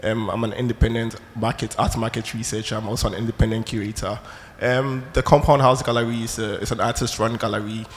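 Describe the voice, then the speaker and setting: A man introducing himself as a gallery director on a panel in a large hall, formal and measured. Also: fairly low pitch, little pitch movement. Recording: long hall reverb, faint noise.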